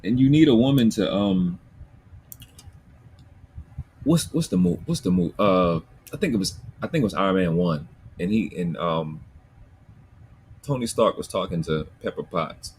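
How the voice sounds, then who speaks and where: Deep-voiced baltimore guy cussing and chatting on a livestream, faint background noise. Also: normal speed, pauses often. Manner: profane, blunt, animated ranting. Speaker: livestream host. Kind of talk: casual livestream chat reading comments.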